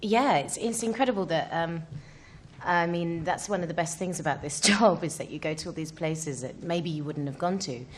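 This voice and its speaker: A woman's voice: lowish voice, normal speed, a little hiss or hum. A woman answering at a press conference in a bubbly, giggly way. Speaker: film actress on a press panel.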